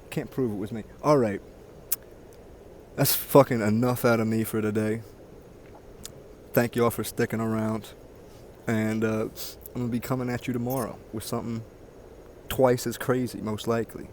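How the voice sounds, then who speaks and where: A man's voice: mid-range voice, steady tone, normal speed, pauses often, darkish tone, slight background noise. Profane ranting man outdoors. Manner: crude, heated, mocking, swears constantly. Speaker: vlogger. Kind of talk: casual profane rant to camera. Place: outdoors near water.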